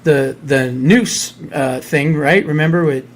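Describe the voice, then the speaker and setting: A man's voice: on the high side, slow pace. A man co-hosting a live radio talk show, telling a story in a blunt, casual way. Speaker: co-host.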